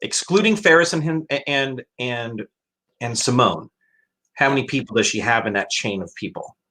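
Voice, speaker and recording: A man's voice: mid-range voice, lively intonation, normal speed, sharp tone. A man hosting a casual live-stream chat, speaking in a hesitant way with many restarts. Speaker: host.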